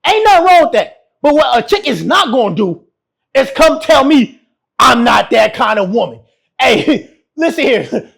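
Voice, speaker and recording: A man's voice: extremely high pitch, gravelly, husky. A man giving brash, mocking reaction commentary. He laughs often and keeps repeating his insults. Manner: laughs often while talking. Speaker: YouTube relationship commentator.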